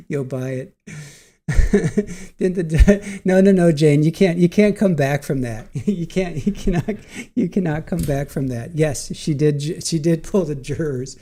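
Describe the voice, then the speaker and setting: A man's voice: on the high side, a little slow, dark tone. A middle-aged man hosting a livestream, chatting casually with viewers, tired after a long day, giggly, punch-drunk and repeating himself. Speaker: livestream host. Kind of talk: casual chat with live chat viewers.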